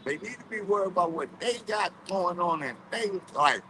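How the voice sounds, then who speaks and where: A man's voice: sits high, lively intonation, normal speed, pushed and bright, slight background noise, poor audio. A man speaking earnestly and emphatically as a guest on a livestream.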